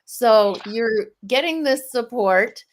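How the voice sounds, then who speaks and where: A woman hosting a live session as a stress management coach, speaking in a slow, soothing, guiding way with some softly breathed phrases. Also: on the high side, expressive, noisy background.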